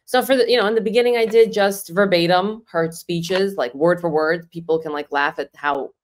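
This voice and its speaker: Snarky low-voiced woman comedian. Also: moderate pace. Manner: snarky, filler-heavy, self-assured. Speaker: comedian and impressionist guest. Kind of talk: casual podcast chat.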